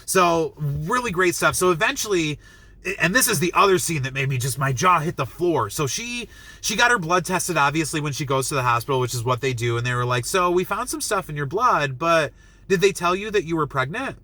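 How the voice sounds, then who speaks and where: Male movie reviewer, chatty plot recap, bright tone, breaks into excited outbursts. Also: a little high, a little fast, dry recording. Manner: excitable, acts out quotes, many likes and restarts. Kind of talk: casual spoilery plot recap.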